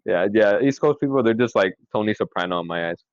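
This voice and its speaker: A young man co-hosting a podcast in casual chat, excitable and quick to swear and laugh. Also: on the low side, no room sound. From California. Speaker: podcast co-host. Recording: dry, dull lo-fi sound.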